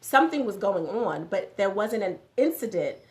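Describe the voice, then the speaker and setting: A woman's voice: medium pitch, big pitch swings, normal speed, darkish tone. A woman hosting a morning motivational live stream. She talks conversationally, repeats phrases for emphasis and answers viewers' comments as they come in.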